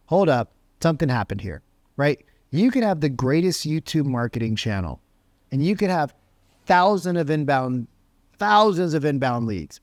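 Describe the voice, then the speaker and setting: A man's voice: fairly high pitch, no echo, clean studio sound. A man giving a motivational talk as a sales coach, emphatic and full of rhetorical questions. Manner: emphatic, asks rhetorical questions, says "right?" often.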